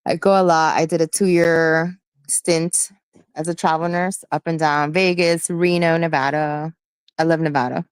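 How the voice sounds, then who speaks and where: Chatty low-voiced woman, dry sound. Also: clear, resonant tone, no echo. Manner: chatty, laughs often, rambling with fillers. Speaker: guest in a live audio chat. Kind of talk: casual chat.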